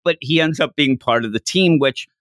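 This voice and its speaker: A man co-hosting a casual podcast about comics, talking with animated energy, laughing often and acting out quoted lines in a raised voice. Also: fairly high pitch, moderate pace, no room sound, studio quality. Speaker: podcast co-host. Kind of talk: casual chat reviewing manga.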